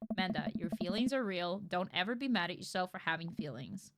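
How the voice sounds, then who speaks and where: A woman voicing a kind single father in a dating game, speaking lower, calm and earnest. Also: a little fast, background noise. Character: kind, warm-hearted single dad giving advice.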